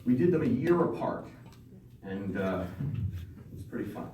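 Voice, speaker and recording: Man conducting a band, echoey and distant. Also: mid-range voice. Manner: energetic, sings rhythms aloud, brisk and encouraging. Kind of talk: rehearsal instruction. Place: large rehearsal hall with a band. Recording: roomy, distant, noisy rehearsal recording. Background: band instruments.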